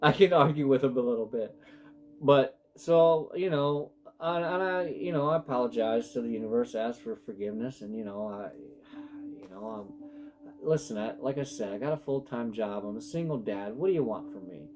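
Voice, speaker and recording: A man's voice: mid-range voice, normal speed, darkish tone. A man giving a casual spiritual tarot reading, emotional and rambling, often breaking off mid-sentence. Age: adult with sons. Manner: emotional, rambling, self-interrupting. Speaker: tarot reader.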